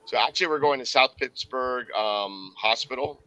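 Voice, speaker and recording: A man's voice: mid-range voice, moderate pace, pushed and bright, rough recording. A man co-hosting a paranormal radio show in an easygoing, joking way. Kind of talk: casual chat.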